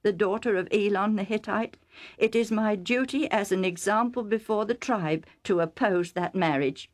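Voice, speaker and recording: A woman reading a story aloud voices a solemn, nearly blind old father who speaks gravely and sternly. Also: medium pitch, normal speed, voice pushed up, lightly acted.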